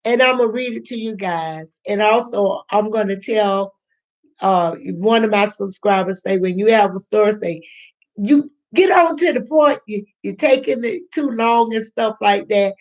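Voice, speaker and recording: Emotional older woman on a slow live-stream. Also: mid-range voice, poor audio. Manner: slow, emotional, near tears. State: tearful. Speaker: channel host. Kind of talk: live-stream chat with viewers.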